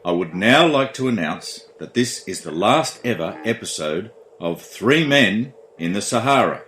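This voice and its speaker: Low voiced guy hosting a silly radio show, dry jokes at himself, lively pitch, roomy echo. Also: a little slow, background noise. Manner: dry self-mocking asides. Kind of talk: comic radio announcing.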